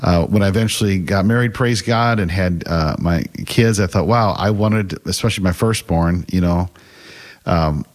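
A man's voice: low-pitched, normal speed. A middle-aged man talking as a guest in an earnest, casual way, with occasional stammers and restarts. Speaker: guest, faith class teacher. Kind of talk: casual conversational storytelling.

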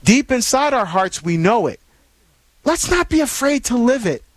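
A man's voice: extremely high pitch, very animated, moderate pace, no echo. A man hosting a call-in radio show, preaching earnestly and rambling with many fillers and restarts.

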